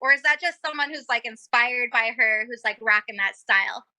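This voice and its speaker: A woman's voice: fairly high pitch, a little fast, pushed and bright, no room sound. A woman guest chatting casually on a talk show, telling stories with lots of giggles and acted-out quotes. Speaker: podcast guest. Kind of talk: casual chat.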